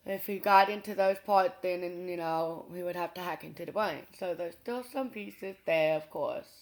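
A woman recounting a personal experience in an interview, earnest and unhurried, with pauses and restarts. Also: on the low side.

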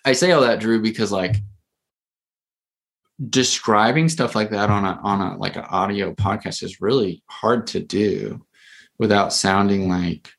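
A man's voice: lowish voice, a little slow, vocal fry, fairly bright tone. A male therapist telling a story in a casual podcast conversation, rambling with lots of fillers and restarts.

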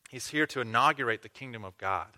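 A man's voice: mid-range voice, quick pace, bright, forceful tone. A man preaching a sermon, teaching earnestly through a scripture passage with questions to the listeners. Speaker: pastor.

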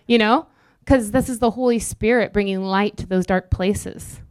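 Smooth-voiced woman preaching. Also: medium pitch, moderate pace, dry recording, clean studio sound. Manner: emphatic, repetitive, acts out quoted inner voices. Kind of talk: sermon.

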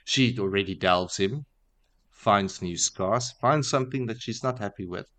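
Slow, deep-voiced man retelling a story. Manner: relaxed storytelling with fillers and wry asides. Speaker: podcast host. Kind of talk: casual retelling of a book chapter.

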